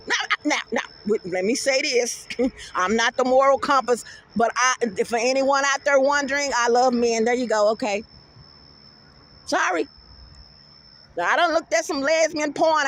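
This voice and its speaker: Brash woman vlogger, AAVE, high-pitched, profane, animated rant delivery. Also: slight background noise. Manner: brash, profane, animated, swings into loud outbursts. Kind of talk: casual rant to camera.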